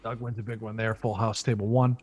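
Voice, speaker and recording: A man's voice: fairly low pitch, little pitch movement, a little fast, a little mellow. A man commentating a live poker stream, chatty and joking, thinking aloud between hands.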